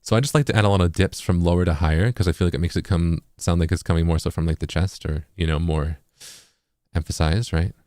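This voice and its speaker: A man with a very deep, low voice walks through a tutorial in a casual, explanatory way. He often checks in with "right?" The sound is dry and close, with no room echo. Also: steady tone, quick pace, a little mellow. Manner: explanatory, keeps asking "right?". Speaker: music producer.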